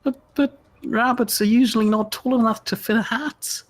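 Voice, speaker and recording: A man's voice: very high-pitched, steady tone, moderate pace. A man joking and teasing his friends while playing a multiplayer game together. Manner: teasing, argumentative banter. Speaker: co-player. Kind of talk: casual multiplayer gameplay chat.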